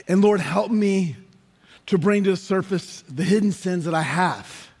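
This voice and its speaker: High-voiced preacher man in a big hall. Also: unhurried, breathy edge. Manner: impassioned, building to shouts. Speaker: pastor. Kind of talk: sermon. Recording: long reverb of a large hall.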